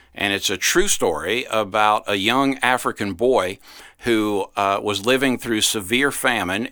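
Bright-voiced guy preaching a podcast devotional, earnest, gets loud and fired up, dry close sound. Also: lowish voice, smooth, dry recording. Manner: earnest, rising to loud exhortation. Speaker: pastor.

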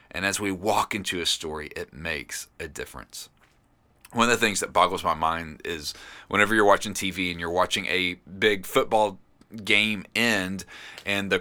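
A middle-aged man, a pastor hosting a podcast, delivering an earnest, encouraging devotional sermon with animated storytelling. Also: on the low side.

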